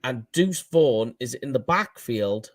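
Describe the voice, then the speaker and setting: A man with a Welsh accent co-hosting a casual sports podcast, animated and quick to laugh at his own slips. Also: medium pitch, no room sound. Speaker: co-host.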